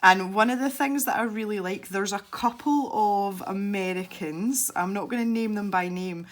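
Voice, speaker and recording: A woman's voice: medium pitch, moderate pace. A Scottish woman from Scotland, chatting casually while demonstrating an art technique for her channel, rambling and laughing easily. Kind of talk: casual tutorial chat while colouring.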